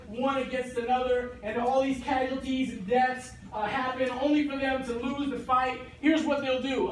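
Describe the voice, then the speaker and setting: A man teaching a youth Bible class in a church classroom, telling the story in an animated, slangy way. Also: very high voice. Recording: echoey hall, distant mic, faint hiss.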